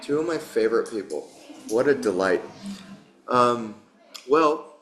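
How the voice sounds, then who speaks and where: Speaking at a measured pace, this man has a mid-pitched, expressive and fairly bright voice, with slight background noise. In a warm studio full of yoga teacher trainees, he keeps the casual talk chatty and joking while cheering his students on, and the room echoes.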